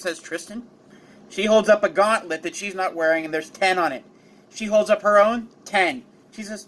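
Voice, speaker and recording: A man's voice: high-pitched, moderate pace, fairly bright tone. A young man casually narrating a fan story as a channel host, dramatic and playful.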